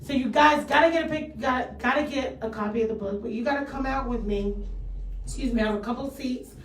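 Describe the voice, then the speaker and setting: Woman radio host kidding around, kinda high voice, echoey room, mic a bit far off. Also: fast talker. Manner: loose, joking, swears freely. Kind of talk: casual on-air chat. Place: radio studio.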